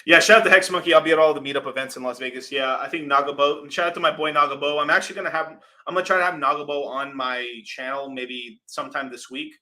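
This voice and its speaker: A man's voice: fairly high pitch, fairly even intonation, quick pace, sharp tone. A young man hosting a casual crypto livestream, rambling loosely, swearing freely and reading out viewer super chats.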